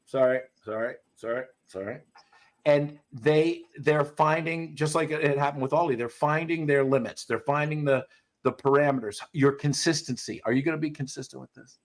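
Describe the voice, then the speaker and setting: A man's voice: on the high side, fairly even intonation, moderate pace. A man who trains dogs, coaching a student in a casual chat, blunt and swearing freely. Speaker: dog trainer.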